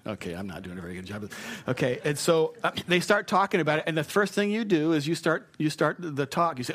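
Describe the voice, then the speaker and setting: A man's voice: a little high, animated, fast talker, fairly bright tone. A man preaching a sermon in a conversational, self-deprecating way, often repeating his key phrases.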